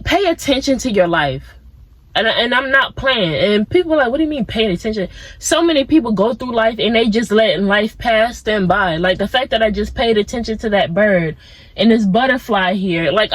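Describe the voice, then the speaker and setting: A young woman chats outdoors among plants in a laid-back motivational vlog that keeps wandering off topic. Her voice is a little high, and the audio is poor but echo-free.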